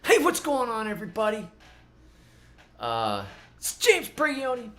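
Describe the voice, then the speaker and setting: This is a man putting on the voice of a wildly overexcited gardening video host. The voice leaps up, gushing and high-energy. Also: wildly swooping pitch, unhurried, a bit bright, heavily acted.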